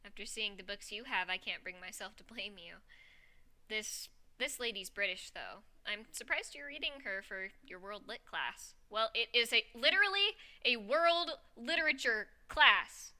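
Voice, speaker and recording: A woman narrating a story in a live reading, lively and giggly, with off-script asides. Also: medium pitch, moderate pace.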